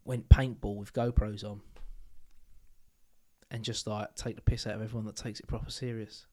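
A man's voice: lowish voice, level tone, moderate pace, dark tone. A young man from England, a podcast co-host joking crudely in casual banter.

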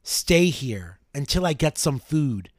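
A man's voice: fairly high pitch, big pitch swings, slow pace, dry recording, clean studio sound, full character voice. A man voicing a desperate, starving young woman ghost in short, clipped answers. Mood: flat.

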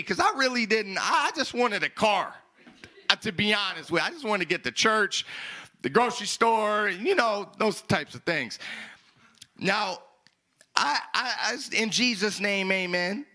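A young male pastor telling a story in a sermon, acting out dialogue with loud, animated outbursts. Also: sits high, measured pace.

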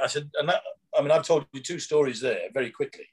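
A man's voice: a little high, fast talker, fairly bright tone, breathy edge. A man, a former prison officer, telling rambling anecdotes in casual chat, acting out quoted dialogue with chuckles.

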